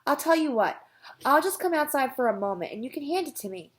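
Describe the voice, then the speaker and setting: A woman's voice: sits high, expressive, fast talker, pitched above the performer's own voice. A woman voicing a mean male teacher from a storybook, sneering and falsely polite. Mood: fake polite. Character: mean male teacher who steals voices.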